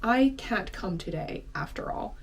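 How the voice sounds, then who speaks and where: A woman's voice: measured pace, breathy edge. A woman giving a casual language lesson, explaining in a chatty way with lots of "kind of" and "like", and acting out short example phrases. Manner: chatty, many fillers like "kind of" and "like"; acts out short example lines with lively pitch jumps. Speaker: language teacher.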